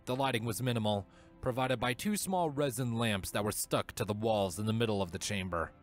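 A man narrating a fan-written story aloud, reading with steady, expressive storytelling. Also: fairly low pitch, a little fast. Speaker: fanfiction reader. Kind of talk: audiobook-style story narration. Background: faint music.

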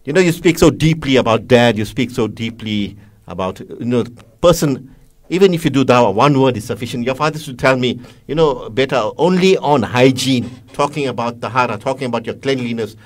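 A man conducting an interview, speaking in a measured, earnest way with frequent fillers. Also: mid-range voice, animated. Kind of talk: interview questions and religious reflection.

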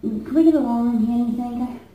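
A woman's voice: on the high side, moderate pace, narrow, tinny audio. A woman chatting to her pet parrot, coaxing and scolding it with exasperated, sing-song remarks. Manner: coaxing, exasperated, talks to the bird in a baby voice. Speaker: parrot owner. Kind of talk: casual chat to a pet parrot. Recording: music playing in the background.

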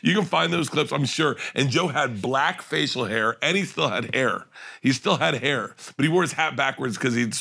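A man's voice: mid-range voice, normal speed, vocal fry, husky. Man telling rambling comedy stories. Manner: animated, rambling anecdotes with restarts and laughs. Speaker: comedian guest on a podcast. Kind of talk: casual storytelling chat.

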